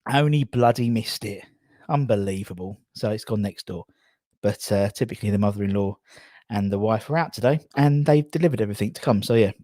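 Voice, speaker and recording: A man's voice: fairly low pitch, a little fast, mellow, no echo, studio quality. A man from England hosting a casual live stream, rambling and out of breath as he reads out viewer comments. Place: garage.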